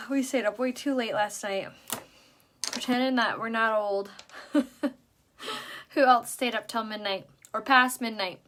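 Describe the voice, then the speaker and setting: A woman's voice: on the high side, steady tone, slow, pauses often, a bit bright. A middle-aged woman hosting a casual makeup live stream, bubbly and chatty but tired from a late night. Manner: bubbly, chatty, greets viewers. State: tired, yawning.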